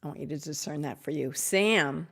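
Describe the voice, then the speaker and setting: A woman hosting a live Q&A on spiritual topics, effusive and gushing, sometimes dropping into soft whispers. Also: sits low, normal speed, gravelly. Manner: warm, effusive, drops to soft whispers at times. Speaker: host answering audience questions.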